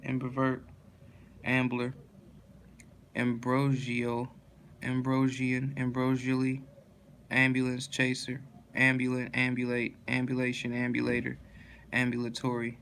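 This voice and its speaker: A tired man reading dictionary words one after another in a flat monotone, stumbling and restarting now and then. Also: mid-range voice, vocal fry, a little hiss or hum. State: yawning, tired.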